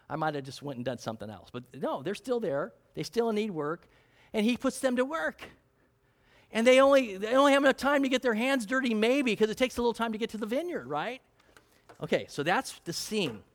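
Rich: A male preacher with a high, animated voice that leaps up and down. He talks through his sermon casually and keeps quizzing the congregation. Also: fairly quick. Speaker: pastor.

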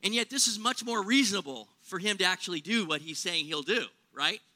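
A male pastor delivers a sermon with a very bright, high voice. He talks conversationally, full of rhetorical questions and playful exaggeration. His tone is sharp and forward. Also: lively intonation, fairly quick. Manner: humorous, exaggerating for effect.

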